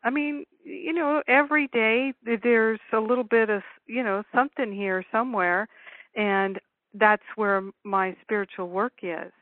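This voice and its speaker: A woman's voice: on the high side, measured pace, no echo. A woman hosting a teleclass, agreeing and reflecting on her own practice. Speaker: host of the class. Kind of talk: teleclass conversation. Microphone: telephone. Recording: tinny phone line.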